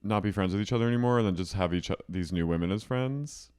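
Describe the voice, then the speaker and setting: A man's voice: on the low side, fast talker, a little mellow, clear, resonant tone. A man co-hosting a podcast, chatting casually and animatedly in a TV recap, jumping in and giggling often. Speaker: podcast co-host.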